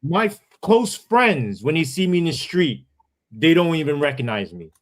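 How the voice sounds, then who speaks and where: Ny guy ranting on a podcast, heated and sweary, kinda high voice. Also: very animated, normal speed. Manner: heated, profane, full of repeated asides. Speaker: podcast guest, former police sergeant. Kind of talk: emphatic podcast storytelling.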